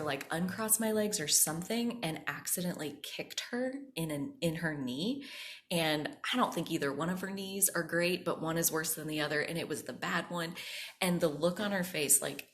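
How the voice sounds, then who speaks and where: Chatty woman telling a story. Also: deep voice. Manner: animated, acts out quoted voices, frequent "like" fillers. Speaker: podcast host. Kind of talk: casual storytelling monologue.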